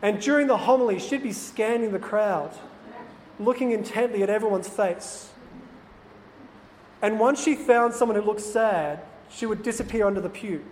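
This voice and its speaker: A man's voice: high voice, normal speed, darkish tone. A man who is a priest, telling an earnest, confiding personal story to lay people. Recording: faint noise, long hall reverb.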